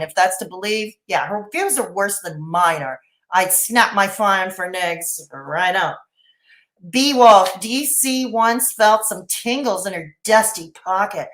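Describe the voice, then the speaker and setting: A woman's voice: mid-range voice, fairly bright tone. Woman reaction streamer, sarcastic, laughing asides, roomy echo. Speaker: commentary streamer reacting to a video. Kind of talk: casual reaction commentary reading chat.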